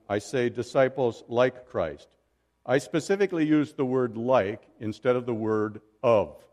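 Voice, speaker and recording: A middle-aged male pastor delivers a sermon at a middle pitch, talking conversationally and tossing joking asides to the congregation. His voice rings out with a long reverb tail in a church sanctuary. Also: darkish tone.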